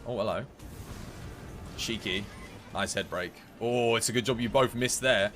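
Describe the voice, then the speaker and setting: A man commentating his live game stream, excitable and chatty, talking to his chat. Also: mid-range voice, normal speed, music in the background.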